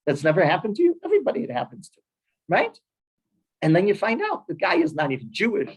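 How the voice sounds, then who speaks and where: A rabbi leads a Torah class. He is animated, and his husky voice swings widely in pitch. He speaks in a synagogue and mixes Hebrew terms into his plain English teaching. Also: poor audio. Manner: animated, with many Hebrew terms and quick laughs. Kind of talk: lively Torah class lecture.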